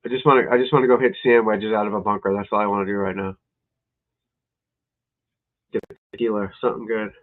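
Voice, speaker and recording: A man's voice: fairly low pitch, level tone, fast, long pauses. A man hosting a casual livestream as a golf instructor, muttering, cursing and grumbling at himself. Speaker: golf instructor and show host. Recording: tinny phone-like lo-fi stream audio.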